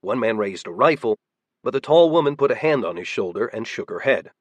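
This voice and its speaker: Husky male audiobook narrator, animated. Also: mid-range voice, fairly quick, dry recording, lo-fi sound. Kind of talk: scripted action narration.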